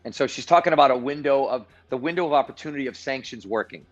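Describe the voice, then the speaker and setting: A man's voice: medium pitch, fast, highs cut off, soft background music. A man hosting a live-streamed show and giving emphatic, self-assured commentary with sarcastic asides. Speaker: show host. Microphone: live-stream mic.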